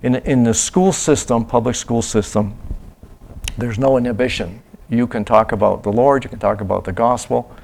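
A man telling a church about his mission work in a halting, casual way, often restarting his sentences. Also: mid-range voice, vocal fry, slight background noise. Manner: halting, restarts, acts out quoted voices loudly. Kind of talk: casual slide-show talk.

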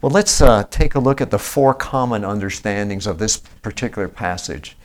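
A man, an elder of a small church, preaching a sermon, reading scripture slowly and with emphasis, then explaining it in plain talk with fillers and restarts. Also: lowish voice, lively intonation. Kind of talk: expository sermon.

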